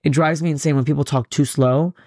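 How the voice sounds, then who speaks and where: A young man hosting a casual podcast chat, talking fast and jokily. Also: a little high, dry recording, studio quality. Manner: fast-talking, animated, jokey. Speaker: podcast host.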